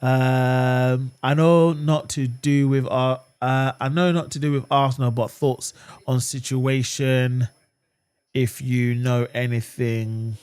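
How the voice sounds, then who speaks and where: A man's voice: medium pitch, slow, clean tone. A man hosting a live watchalong of a football match, chatting with viewers and erupting at the referee. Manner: animated, swings between calm chat and outraged shouting at the referee; reads and answers viewer comments. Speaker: fan channel host.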